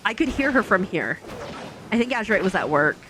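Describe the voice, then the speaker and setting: A woman's voice: mid-range voice, very animated, a little fast, background noise. A woman streamer telling a long family story in casual, chatty talk full of fillers.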